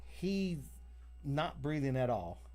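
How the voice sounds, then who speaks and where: A man's voice: a little high, slow. A man co-hosting a casual show, telling a long, profane story and acting out the voices of the people in it. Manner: profane, animated, acts out voices in his stories. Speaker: co-host. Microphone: video call.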